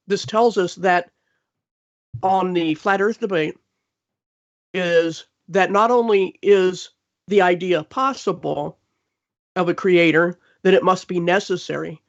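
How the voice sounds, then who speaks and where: Earnest woman on a lo-fi panel call. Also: on the low side. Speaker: panel guest. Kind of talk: live online panel discussion.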